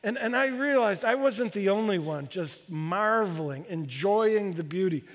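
A man in his fifties, a pastor preaching a sermon with animated, excitable delivery. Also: a little slow. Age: 50s. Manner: animated, bursts into high excited exclamations. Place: church sanctuary. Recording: long church hall reverb.

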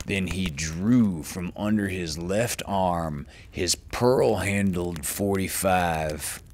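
Low-voiced guy reading old short stories aloud, slow and measured. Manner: unhurried, measured storytelling with an occasional casual aside. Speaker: storyteller host.

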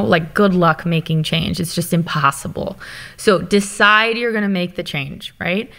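A woman speaking as a guest founder, telling candid business stories in an animated, open way. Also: fairly low pitch. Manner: animated, open, quick to laugh. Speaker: guest, company founder and author. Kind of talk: candid conversational storytelling.

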